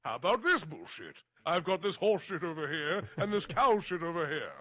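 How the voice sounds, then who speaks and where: A man's voice: a little high, sing-song, normal speed, bright, forceful tone, exaggerated voice. A man voicing a scheming, pompous male auctioneer who hawks his wares with showy sales patter. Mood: hawking.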